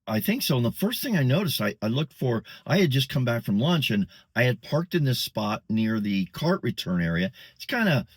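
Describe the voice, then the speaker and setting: A man's voice: mid-range voice, very animated, normal speed, hardly any pauses, husky, no room sound, studio quality. An older man telling a story in a casual, rambling way, full of fillers and restarts, recorded outdoors in a parking lot. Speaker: vlogger.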